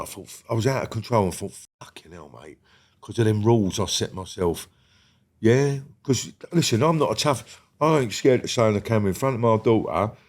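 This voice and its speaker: Middle-aged man, lowish voice, blunt street storyteller, swears freely. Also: darkish tone. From England. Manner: blunt and sweary, peppers talk with "mate" and "yeah?". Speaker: guest, former prisoner. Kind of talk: candid storytelling interview.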